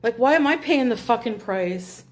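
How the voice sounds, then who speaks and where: A woman with a fairly high voice complaining on her livestream. She rants angrily and swears a lot, and her high voice carries the complaint. The talk keeps coming back to how fed up she is. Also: expressive, moderate pace. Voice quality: angry, profane ranting. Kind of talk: livestream rant.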